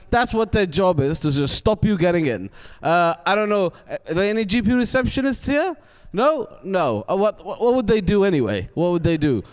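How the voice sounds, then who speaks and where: Ranting stand-up comedian from Wales. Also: male voice, high voice, in a large hall. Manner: cantankerous, ranting, stammering restarts. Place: theatre stage before a live audience.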